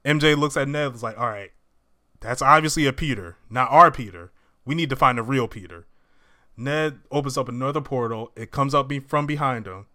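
A man with a bright, forceful voice chats through a movie recap. He is animated and slips into the characters' lines as he retells each scene. His pitch sits in the middle of the range. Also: fairly quick. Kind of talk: casual movie recap chat.

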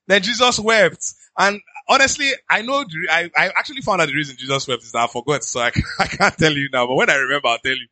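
A pastor with a Nigerian accent preaching in an animated, conversational way, slipping into pidgin asides. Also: male voice, a little high, fast, few pauses, no echo. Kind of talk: sermon.

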